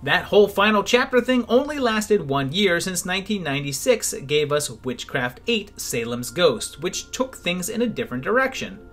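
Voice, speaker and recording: A man's voice: high voice, sing-song, normal speed, hardly any pauses, a bit bright. A man narrating a comedic film review in a sarcastic, wry tone. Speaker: movie reviewer. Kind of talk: scripted comedic video narration.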